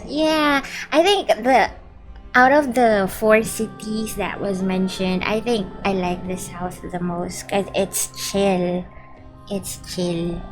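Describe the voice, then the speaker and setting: Slow-talking playful streamer woman. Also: medium pitch, poor audio. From Philippines. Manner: playful, giggly, reads chat messages aloud. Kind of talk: casual live-stream chat with viewers. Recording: background music under the voice. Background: background music.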